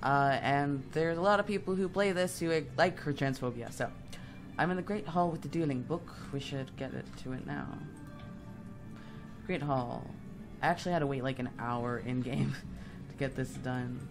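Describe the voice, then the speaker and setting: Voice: medium pitch, normal speed, music in the background. A young adult let's-play gamer giving rambling, self-deprecating commentary over gameplay while slightly sick. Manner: rambling, self-deprecating, with fillers and sudden asides.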